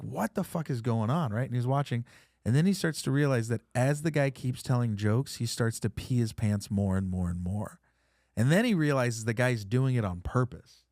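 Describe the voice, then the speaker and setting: A man's voice: medium pitch, no echo, clean studio sound. A man hosting a podcast, telling stories in casual chat and acting out the quotes, swearing freely. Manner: animated storyteller, acts out quotes, swears freely. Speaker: podcast host.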